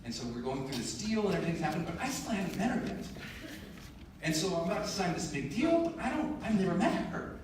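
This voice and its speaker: Man, high-voiced motivational speaker, emphatic and self-mocking, live in a big hall with room noise behind. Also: quick pace. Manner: animated, emphatic storytelling with self-deprecating humor. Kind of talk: live keynote storytelling. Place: large conference hall. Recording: echoey hall, distant mic, audible room ambience.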